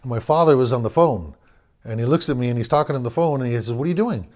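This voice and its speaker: A man's voice: mid-range voice, fast, a little mellow. A man in his forties from the Los Angeles area, telling a personal story in a wry, rambling way, repeating and restarting his words.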